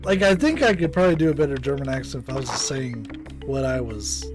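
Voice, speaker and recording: A man's voice: mid-range voice, fast, music in the background. A man giving casual live commentary on a game, self-mocking and chatty. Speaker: gaming streamer.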